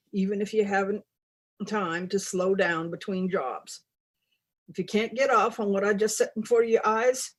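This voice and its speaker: A blunt, teasing goddess, read aloud by a woman. She talks plainly and folksily, pitched in a middle range, and gives her advice with a wry edge. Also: a little mellow, breathy edge, natural voice, low-quality recording. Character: folksy wisecracking New England goddess. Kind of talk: reading a humorous parody text aloud.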